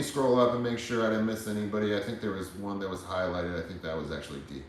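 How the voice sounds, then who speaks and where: Deep-voiced swearing man in echoey room. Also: fairly even intonation, fast talker, hardly any pauses. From United States. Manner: rambling, profane, laid-back. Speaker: livestream host. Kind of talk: casual livestream chat reading comments. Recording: very echoey room with faint background noise.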